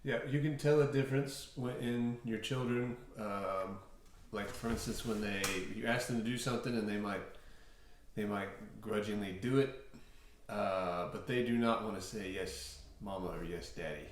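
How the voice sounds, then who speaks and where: A middle-aged man shares parenting advice in a measured way, often pausing on fillers. His voice sits on the low side. A heavy room echo surrounds every word. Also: steady tone, recorded from a distance. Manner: measured, with many fillers and restarts. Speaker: parenting blog co-host. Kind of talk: casual advice talk. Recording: very echoey room.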